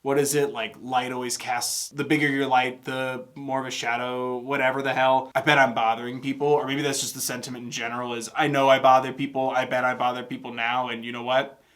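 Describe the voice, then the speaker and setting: A man's voice: medium pitch, level tone, brisk, fairly bright tone. A young man hosting a music reaction video, thinking aloud in a rambling, casual way with many fillers and restarts.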